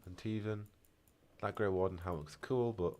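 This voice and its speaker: A man's voice: lowish voice, normal speed, a little mellow. A man streaming a video game, chatting casually, reacting to gameplay and reading out chat questions. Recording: faint background noise.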